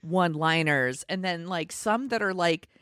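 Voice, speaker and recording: Low-voiced woman dissecting a movie. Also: moderate pace, a bit bright, clear, resonant tone, dry recording, clean studio sound. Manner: wry, recaps scenes with a running commentary. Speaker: podcast co-host. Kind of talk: casual chat.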